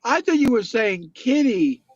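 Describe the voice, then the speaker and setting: A man's voice: very high voice, very animated, measured pace, no room sound, dull audio. A man in a casual chat who answers with short replies and puzzled questions.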